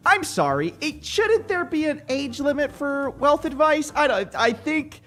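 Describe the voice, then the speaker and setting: A man's voice: very high voice, a little slow, faint music behind. A young man hosting a show, giving sarcastic, jokey commentary on video clips. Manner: mocking, animated, jokey. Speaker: host.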